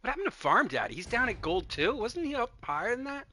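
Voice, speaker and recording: A man's voice: very high voice, sing-song, fast, bright, forceful tone. A man streaming a shooter game, joking and teasing his squad over a headset mic. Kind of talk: gaming voice chat on a live stream.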